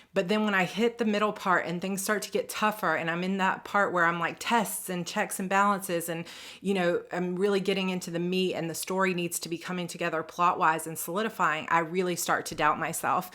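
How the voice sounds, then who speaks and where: A woman's voice: fairly low pitch, fairly even intonation, fairly quick, pushed and bright. A woman writer in her thirties giving casual advice in a vlog, chatty, with lots of fillers and her own quoted thoughts acted out. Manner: chatty, lots of "like" and "you know", acts out her own past dialogue. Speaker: writer vlogger.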